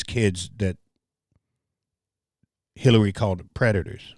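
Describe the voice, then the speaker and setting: A man's voice: medium pitch, unhurried, pauses often, clear, resonant tone, no echo, clean studio sound. A middle-aged man from Memphis with a Southern accent, hosting a passionate commentary show and talking straight to his audience. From Memphis, Tennessee. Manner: passionate, repeats words, speaks to the audience directly. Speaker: host. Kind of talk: livestream commentary.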